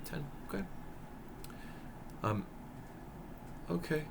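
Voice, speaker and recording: A man's voice: a little high, very animated, very slow, vocal fry. Man running a tabletop game, noisy recording. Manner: rambling, laughing narration full of fillers. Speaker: game master.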